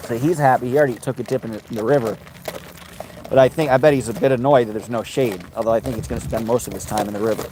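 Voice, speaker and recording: A man's voice: mid-range voice, rapid-fire, mellow, slight background noise, low-quality recording. A man hosting a casual livestream outdoors by a river, rambling loosely and breaking into sing-song chatter to his dog. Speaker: livestream host. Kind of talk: casual rambling live chat.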